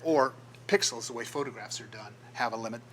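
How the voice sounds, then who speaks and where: A man's voice: medium pitch, brisk, slight background noise, rough recording. An older man, a graphic designer, giving a casual talk to a club and acting out the voices in his stories. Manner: storytelling, acts out quoted voices. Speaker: guest speaker, graphic designer. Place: meeting room.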